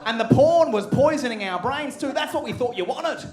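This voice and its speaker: A man's voice: very high-pitched, lively intonation, normal speed. An Australian man in his thirties doing crude, punchy stand-up as the show host, talking straight to a live crowd. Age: 30s. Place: comedy club stage with laughing audience.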